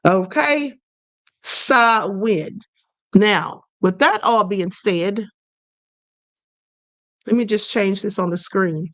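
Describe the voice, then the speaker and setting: A woman's voice: mid-range voice, extremely slow, long pauses, a bit bright, dry recording. A woman hosting a spirituality live stream, explaining at a conversational pace, reading viewer comments aloud and often checking in with "okay".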